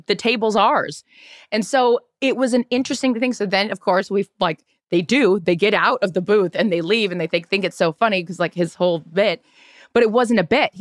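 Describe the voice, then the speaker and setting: A woman's voice: mid-range voice, a little fast, no echo. Woman telling a story, dry close sound. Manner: animated storyteller acting out quotes; casual, swears freely. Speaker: podcast co-host. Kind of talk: casual chat, storytelling.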